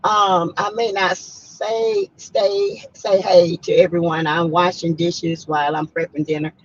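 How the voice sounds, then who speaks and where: Hoarse, husky woman in her fifties hosting a chatty livestream, muffled lo-fi sound. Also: fairly low pitch, expressive, measured pace. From South Carolina. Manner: chatty, greets viewers by name, emphatic. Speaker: livestream host. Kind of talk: casual livestream chat. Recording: muffled lo-fi audio.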